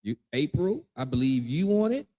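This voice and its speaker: A man hosting a casual interview who gives short, relaxed replies and reassurances. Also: mid-range voice, moderate pace. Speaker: interviewer host.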